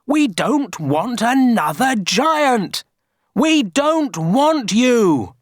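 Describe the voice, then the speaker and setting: A woman reading aloud, voicing a crowd of cross villagers who shout in high, drawn-out voices. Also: wildly swooping pitch, slightly rough, no echo, clean studio sound, full character voice. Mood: angry.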